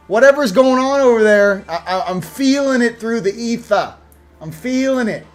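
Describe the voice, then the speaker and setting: A man hosting a casual spiritual chat show, rambling and joking, acting out little voices and laughing. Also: high-pitched. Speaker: host.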